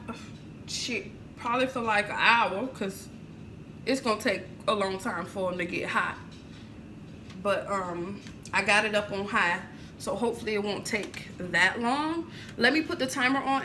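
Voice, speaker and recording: A woman's voice: a little high, background noise. A woman in her thirties chatting casually in a home kitchen vlog, laughing and swearing freely. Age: 30s. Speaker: vlogger. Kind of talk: casual cooking vlog chat.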